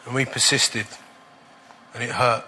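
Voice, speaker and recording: A man preaching, telling a personal testimony in an animated way and chuckling at the funny parts. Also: mid-range voice, measured pace, slight background noise. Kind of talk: storytelling sermon.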